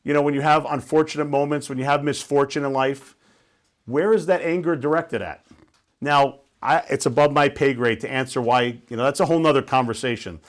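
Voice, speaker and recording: A man's voice: mid-range voice, brisk. Male guest speaker, casual storytelling talk, checks in with the audience. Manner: conversational, asks listeners questions.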